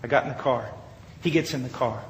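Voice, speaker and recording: A man preaching a sermon with dramatic storytelling, rising loud and then dropping to a hush. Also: mid-range voice, a little fast. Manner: dramatic storytelling, swings between loud rises and hushed drops. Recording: long hall reverb, faint noise.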